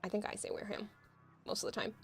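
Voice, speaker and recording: A woman's voice: fast, faint music behind. A woman, chatting casually on a livestream and explaining with amused laughs.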